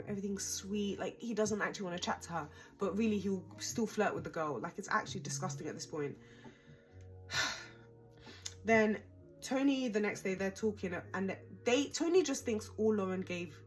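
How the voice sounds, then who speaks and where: A young woman casually recapping a reality show, chatty, dramatic and exasperated. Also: medium pitch.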